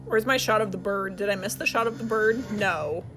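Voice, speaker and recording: Young man, fairly high voice, excited, rambling, swears a lot, casual movie rant. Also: normal speed, music in the background. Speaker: video essay host.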